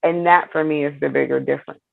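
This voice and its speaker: A woman's voice: low-pitched, steady tone, quick pace, vocal fry, no echo. A woman speaking earnestly on a video call as a program participant, with emphatic phrasing. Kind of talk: casual chat on a video call. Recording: tinny phone-like line.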